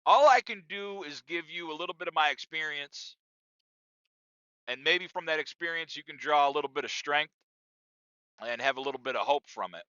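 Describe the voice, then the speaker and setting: A middle-aged man hosts a podcast in a loose, profane monologue aimed straight at his listeners. His voice is very bright and a touch high. The sound is dry and dull, like a lo-fi home setup. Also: moderate pace, long pauses, no echo. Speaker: podcast host. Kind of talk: casual monologue.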